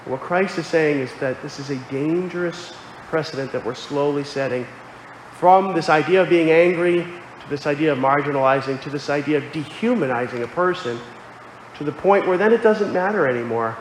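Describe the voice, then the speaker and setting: A man from Connecticut preaches a sermon in a slightly high voice at a moderate pace, earnest and explanatory as he quotes scripture aloud. The recording carries a little hiss or hum and comes from an echoey hall with faint ambience.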